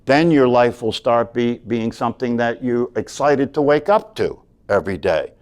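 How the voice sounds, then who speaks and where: A man's voice: mid-range voice, expressive, normal speed, smooth. A man teaching a meditation class, talking earnestly and often checking in with "right?". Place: class room.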